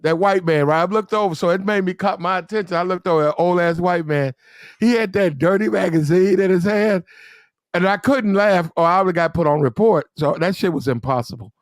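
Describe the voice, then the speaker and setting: A man's voice: high-pitched, fairly quick, no room sound, clean studio sound. A man telling a profane, rambling story in a casual podcast chat.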